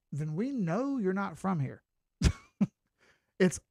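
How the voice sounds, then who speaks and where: A man's voice: high voice, expressive, slow, gravelly, long pauses, mellow, no room sound, studio quality. A middle-aged man with a Southern US accent, giving casual, folksy crypto chart commentary with some swearing. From Southern United States. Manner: folksy, chatty, mild swearing.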